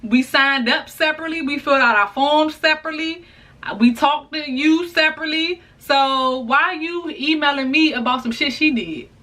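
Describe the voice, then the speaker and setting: A woman vlogger talks straight to camera in a blunt, profane storytime style. She hammers her points by repeating lines. Her voice is high and sharp, and it sounds slightly distant from the mic. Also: moderate pace. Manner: repeats and restarts lines for emphasis. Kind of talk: storytime vlog.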